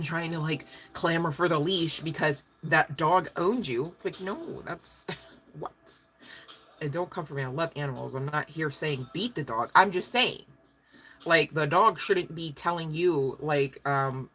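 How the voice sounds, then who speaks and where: A woman's voice: low voice, a bit bright. A woman giving a casual livestream tarot reading, chatty and profane, laughing often. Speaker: tarot card reader.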